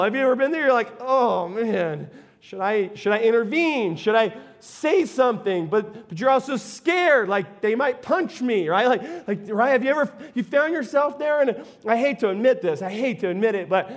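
Middle-aged man, pastor, very high-pitched, animated conversational sermon with sudden shouts. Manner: animated, conversational, asks the congregation questions, bursts into shouts. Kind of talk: sermon with personal story.

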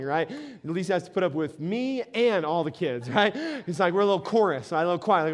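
High-voiced pastor, chatty sermon. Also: male voice, lively intonation, fairly quick. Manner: conversational storytelling with frequent "right?" asides.

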